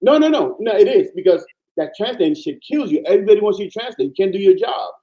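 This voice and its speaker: Animated Panamanian-born man, muffled audio. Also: high-pitched, quick pace. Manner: animated, emphatic storyteller. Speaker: guest. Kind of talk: casual chat.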